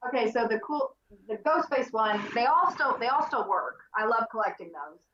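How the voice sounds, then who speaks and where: High bright-voiced woman on dull audio. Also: moderate pace, slight background noise. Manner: bubbly, animated storyteller. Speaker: guest collector. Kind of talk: casual chat.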